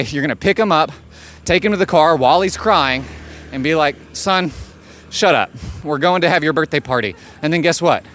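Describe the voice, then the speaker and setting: Blunt, profane motivational coach, outdoors. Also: male voice, fairly high pitch, fairly bright tone. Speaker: life coach. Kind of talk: motivational monologue. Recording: faint street noise behind.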